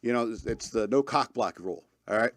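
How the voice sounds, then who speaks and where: A man's voice: on the low side, a little fast, fairly bright tone, no room sound, studio quality. Joking man rambling on a podcast. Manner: loose, joking, laughs often, many fillers. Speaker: podcast host. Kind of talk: casual rambling monologue.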